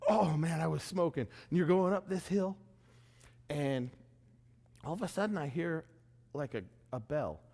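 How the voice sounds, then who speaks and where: A man's voice: fairly high pitch, measured pace, gravelly, pauses often, darkish tone, long reverb tail. A man giving a keynote speech, telling a self-mocking story and acting out his own reactions, in a large room before an audience. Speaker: keynote speaker.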